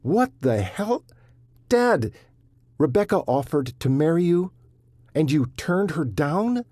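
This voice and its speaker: A quick, blunt young ranch son who fires off incredulous questions, as a male narrator voices him. His voice sits well above the narrator's own, husky and close. The reading has a warm, dry storybook feel. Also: a little high, very animated, no room sound, pitched above the performer's own voice. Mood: exasperated.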